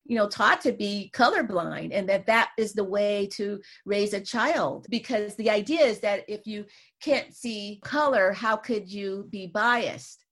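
Una mujer invitada a una entrevista, autora y psicóloga, que explica sus ideas con calma y repite a menudo "you know" y "right". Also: female voice, medium pitch, measured pace. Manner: thoughtful, explanatory, says "you know" and "right" often. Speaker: guest, psychologist and author. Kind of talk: conversational interview.

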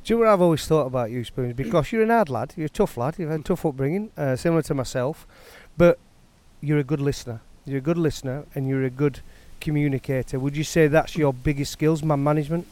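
A male radio host fires off blunt, direct questions at a quick clip. His voice sits a little high and sounds dry and close. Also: darkish tone, no room sound. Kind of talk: casual interview.

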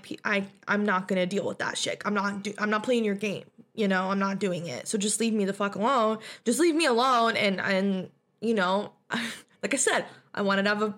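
A young woman hosting a podcast tells a personal story in a blunt, profane, casual style, laughing often. Her voice is mid-range with a fairly bright tone.

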